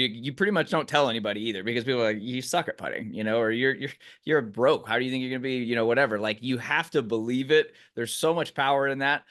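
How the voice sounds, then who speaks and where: Host coaching golfers, rapid and eager delivery. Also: male voice, medium pitch, a bit bright. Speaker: podcast host and golf coach. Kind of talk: casual conversation.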